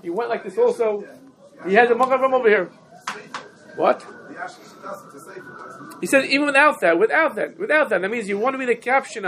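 A man's voice: very high voice, fairly bright tone, rough recording. A man teaching a Talmudic shiur lecture, firing rhetorical questions and repeating points for emphasis, with faint background noise. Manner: rhetorical questions, emphatic repetition, Yiddish-Hebrew terms. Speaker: Torah teacher.

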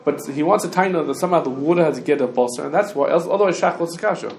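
A man teaching a Talmud class to students, talking quickly and restarting often, with Hebrew and Yiddish terms mixed in. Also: a little high, faint music behind. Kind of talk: casual Talmud study lesson. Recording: echoey room with faint background noise.

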